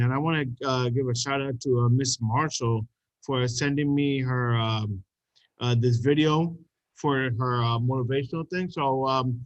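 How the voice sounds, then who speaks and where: A man's voice: on the high side, fairly bright tone, dry recording, poor audio. Hesitant man on a dry video call. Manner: hesitant, full of ums and uhs. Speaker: school staff member.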